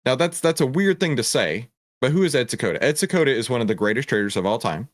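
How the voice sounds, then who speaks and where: A middle-aged trading educator hosts a lesson, walking through a stock chart at a fast, animated clip in his mid-range voice. He's emphatic and preachy, leaning on rhetorical questions and repeated phrases. The recording is studio quality, with no room sound.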